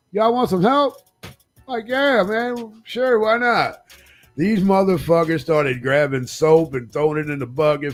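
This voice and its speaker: A man telling crude, profane childhood stories on a live talk stream, acting out the people in them. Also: medium pitch. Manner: profane, animated storyteller, voicing friends and his dad. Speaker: co-host.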